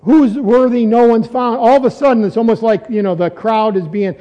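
A man's voice: very high voice, fairly even intonation, fairly quick, few pauses, warm tone, big-room sound. A man preaching an expository sermon, earnest and repeating phrases for emphasis as his voice rises on key points.

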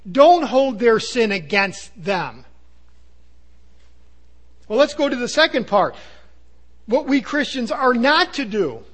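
A man preaching a sermon, earnest and emphatic, sometimes dropping to a low hush. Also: sing-song, slow, pauses often. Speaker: pastor.

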